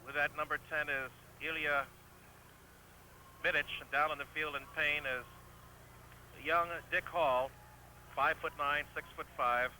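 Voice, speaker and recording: Sports guy calling soccer live, excitable, bright sharp voice, faint hiss behind. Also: a little high, a little slow, long pauses, low-quality recording. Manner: excitable, shouts goals. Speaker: play-by-play commentator.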